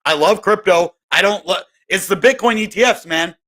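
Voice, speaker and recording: A man talking through the crypto market in a loose, rambling way, restarting sentences and sounding fed up. His voice sits a bit high for a man. It has a bright, forceful tone. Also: moderate pace. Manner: rambling, exasperated, self-interrupting. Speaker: crypto video host. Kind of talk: casual market commentary.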